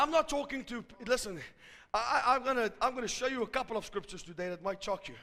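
Man, preacher, very high bright voice, fervent sermon, shouts, long hall reverb. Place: large church hall. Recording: hall reverb from a live service.

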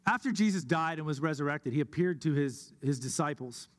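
Earnest pastor in a reverberant church. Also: male voice, on the high side, animated. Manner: earnest, slows down for emphasis. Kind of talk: sermon. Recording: long hall reverb.

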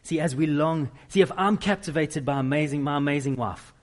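A middle-aged man preaching a sermon, with animated, self-deprecating storytelling. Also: a little high, a little fast. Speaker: pastor.

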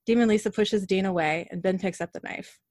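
A woman's voice: medium pitch, fairly quick, darkish tone, dry recording, studio quality. A woman casually recapping a TV episode as podcast host, telling the story in a plain, chatty way.

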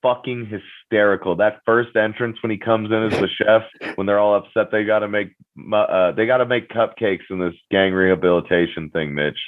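A man co-hosting a podcast in casual chat, telling stories with lots of swearing and jumping into high voices for quotes. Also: normal speed, few pauses. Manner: animated storytelling, acts out quotes in high voices, swears freely. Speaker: podcast co-host. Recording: tinny phone-like audio.

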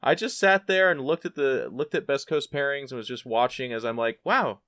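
A man speaking as a podcast guest, telling his story in an animated, profane, self-deprecating way. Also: medium pitch, brisk, no room sound, clean studio sound. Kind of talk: casual storytelling.

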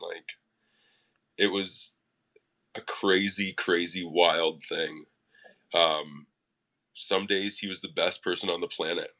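A man with a fairly low voice that comes across forceful and bright, telling stories as a guest on a casual interview podcast. He talks in a loose, animated way and swears often as he goes. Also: slow pace, pauses often. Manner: profane, animated storyteller.

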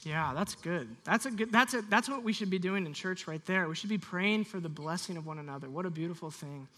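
A pastor preaching to a church congregation, animated and leading the room in call-and-response. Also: mid-range voice, fairly quick. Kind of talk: sermon.

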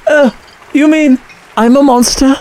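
An actor playing a bewildered, anxious gentleman who stammers and flusters, in a comic audio drama. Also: very high-pitched, steady tone, measured pace. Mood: flustered.

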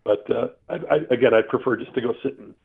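A man's voice: medium pitch, quick pace, vocal fry, slightly rough. Middle-aged man on a tinny phone line. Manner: earnest, animated storyteller acting out his own asides. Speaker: guest. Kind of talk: telling a personal story in conversation.

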